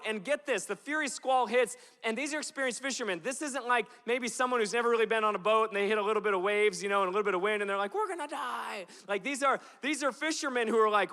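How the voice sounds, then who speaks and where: A man from Alaska preaching a passionate sermon in a church, moving from slow, weighty lines to animated storytelling. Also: high-pitched. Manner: passionate, builds from slow emphatic lines to loud animated retelling. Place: church auditorium. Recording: long hall reverb.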